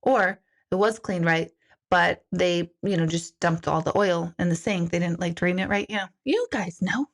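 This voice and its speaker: Chatty woman hosting a spiritual livestream. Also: lowish voice. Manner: chatty and animated, quick asides and self-deprecating laughs. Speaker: spiritual medium hosting a live Q&A. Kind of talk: casual livestream chat reading viewer comments.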